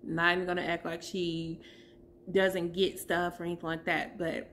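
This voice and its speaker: A woman in her thirties giving a heartfelt personal testimony as a vlogger, pausing to search for her words. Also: fairly low pitch, level tone, a bit bright, a little hiss or hum.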